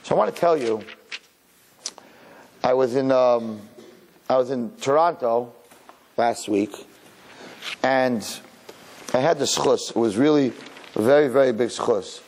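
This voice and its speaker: A male rabbi giving an animated Torah class in a dramatic, conversational way, sometimes putting questions to the audience. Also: mid-range voice, unhurried, pauses often, slight background noise.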